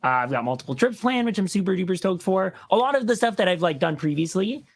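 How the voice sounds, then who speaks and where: Friendly guy on a stream, gravelly voice, rambles and repeats stuff. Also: sits high, sing-song, fast talker. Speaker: guest, competition winner. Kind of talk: casual chat on a live stream.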